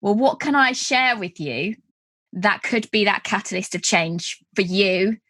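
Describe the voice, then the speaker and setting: A woman's voice: medium pitch, animated, unhurried, fairly bright tone, no room sound. A woman hosting a podcast, speaking in a reflective, earnest way in casual conversation. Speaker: podcast host. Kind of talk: casual chat.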